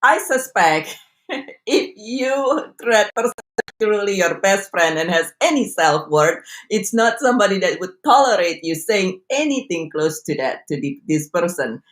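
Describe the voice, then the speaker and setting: A woman's voice: mid-range voice, expressive, a little slow. A woman speaking as a guest in a discussion on a video call, reflective and full of rhetorical questions. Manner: reflective, asks rhetorical questions, repeats words. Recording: echoey room sound.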